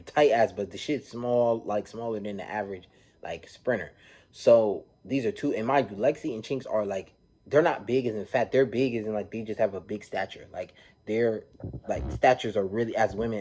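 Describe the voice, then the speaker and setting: A man recapping a reality TV episode in a casual, animated, slang-filled way, often checking in with "you feel me". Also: lowish voice.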